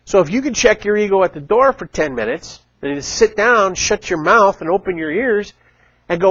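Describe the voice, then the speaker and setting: A middle-aged man giving a casual church talk, chatty and animated, acting out quotes as he tells stories. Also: sits high, normal speed, dry recording, muffled recording. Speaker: church teacher. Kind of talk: casual sermon.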